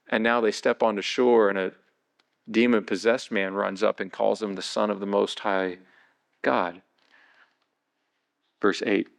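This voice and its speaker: A male pastor preaching a sermon, retelling a Bible story vividly and building to excited, high-pitched passages. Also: moderate pace, vocal fry.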